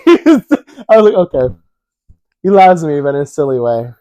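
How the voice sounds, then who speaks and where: A young man co-hosting a casual chat, telling stories with animated, acted-out quotes. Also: fairly high pitch, moderate pace, dry recording. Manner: animated, acts out quotes in a raised voice. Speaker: co-host.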